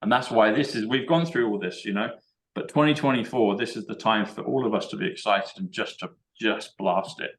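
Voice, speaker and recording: An English man hosting a casual chat, excitable and rambling as he works through number codes aloud. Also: fairly low pitch, a little fast, reverberant. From England. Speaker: show host.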